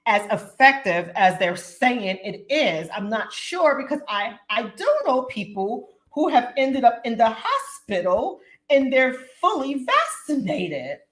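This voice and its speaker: A woman voicing a worried older woman who speaks in a slow, high, fretful, pleading way. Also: very animated, fairly bright tone. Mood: uncertain. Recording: roomy echo.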